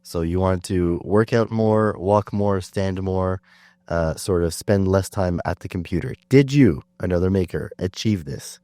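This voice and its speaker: A sick man with a very low voice hosts a laid-back podcast chat, rambling comfortably with ums and uhs. The sound is close and dry with no room echo. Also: a little slow. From Canada. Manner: relaxed, chatty, self-deprecating with fillers. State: sick, under the weather. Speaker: podcast host. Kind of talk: casual chat.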